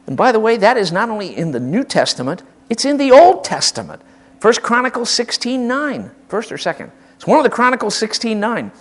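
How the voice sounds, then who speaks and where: An older man preaches with real fire, his fairly high voice leaping and plunging across a wide span. He drops to near-confiding asides, then swells into loud, emphatic declarations. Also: sing-song, normal speed. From American Midwest. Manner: impassioned, emphatic, swinging from hushed to loud. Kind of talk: sermon.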